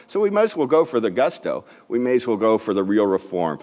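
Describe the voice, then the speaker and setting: A man's voice: medium pitch, expressive, fast, hardly any pauses, darkish tone. A man giving a panel talk, emphatic and conversational. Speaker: panel speaker. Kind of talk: lecture talk. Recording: reverberant conference hall.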